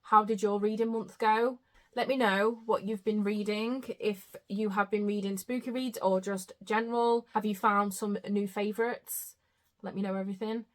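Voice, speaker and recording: A woman's voice: mid-range voice, steady tone, moderate pace. Chatty woman. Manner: chatty, trails off and restarts, self-mocking. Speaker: book vlogger. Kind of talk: casual chat.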